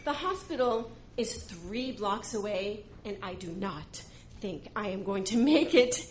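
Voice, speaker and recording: A woman telling a personal story live on stage, animated and exaggerating for comic effect. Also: mid-range voice, unhurried, slight background noise.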